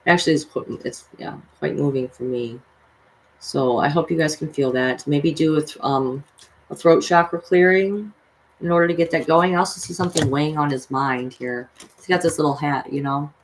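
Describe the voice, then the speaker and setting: A woman's voice: sits low, moderate pace, a little hiss or hum. Earnest woman vlogger chatting to viewers. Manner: earnest, addresses viewers directly; swears freely when worked up. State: mother of six children. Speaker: tarot reader and vlogger. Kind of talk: casual livestream chat.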